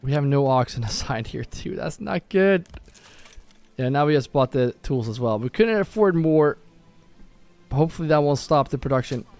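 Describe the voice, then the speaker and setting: A man's voice: mid-range voice, expressive, moderate pace, darkish tone. A man casually commenting on his own gameplay on a live stream, thinking aloud and often correcting himself. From Norway. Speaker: gaming streamer. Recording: faint background music.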